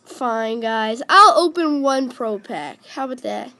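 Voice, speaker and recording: A woman giving casual game commentary in a high, bright voice. She talks at an unhurried pace but gets excitable, calling out to her viewers over and over. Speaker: gaming video host.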